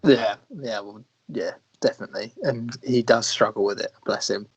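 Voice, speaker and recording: Relaxed British man chatting films. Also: on the low side, normal speed, vocal fry, husky. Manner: relaxed, laughing, acts out quoted lines. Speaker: podcast co-host. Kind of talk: casual film review chat. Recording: dull lo-fi sound.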